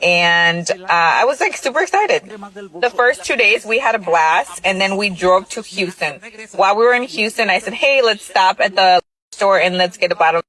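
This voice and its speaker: A woman's voice: mid-range voice, normal speed, a bit bright, rough recording. A woman in her thirties casually telling a personal story, chatty and full of filler words. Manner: chatty, lots of filler likes.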